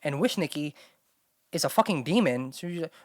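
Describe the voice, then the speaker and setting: A young woman hosts her own solo chat show, talking casually to camera in a low, expressive, slightly fast voice with a darkish tone. She rambles with constant fillers and speaks bluntly, swearing plenty. The recording is studio quality with no echo.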